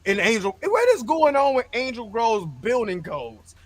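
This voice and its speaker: A man hosting a casual movie review chat, animated and joking, full of slang; he has a son. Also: very high voice, normal speed. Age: adult parent. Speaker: show host.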